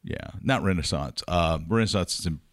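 A man with a very low voice hosts a casual podcast, talking up his favorite spots with lively enthusiasm and ribbing his co-hosts. His voice sits close and dry on the mic, with no room around it. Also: normal speed, dry recording. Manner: chatty, enthusiastic, teasing. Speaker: podcast host. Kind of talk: casual chat.

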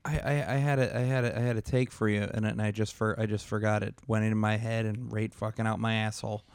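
A man's voice: on the low side, flat delivery, brisk, clean tone, no echo. A man co-hosting a comedy podcast in casual chat, swearing freely and stammering through his stories. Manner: profane, stammering storyteller. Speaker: podcast co-host.

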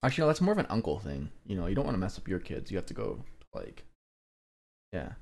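A young man co-hosting a podcast, telling stories in an animated way and saying "like" often. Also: sits low, quick pace, creaky, slight background noise. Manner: animated storyteller, many fillers like "like". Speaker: podcast co-host. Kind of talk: casual chat.

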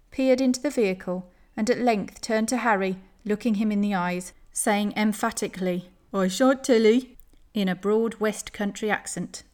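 Woman narrator for a memoir reading, steady and careful. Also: on the high side.

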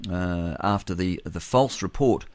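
A man's voice: low voice, a little slow, no room sound. A man with a New Zealand accent hosting a breakfast talk radio show, delivering a rambling, forthright monologue with chuckles and self-corrections into a studio microphone. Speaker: radio host.

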